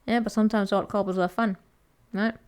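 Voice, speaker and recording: A woman's voice: mid-range voice, steady tone, brisk, darkish tone, clear, resonant tone. A woman giving a casual, chatty tarot reading to viewers, teasing and laughing as she talks, often restarting her sentences. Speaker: tarot reader.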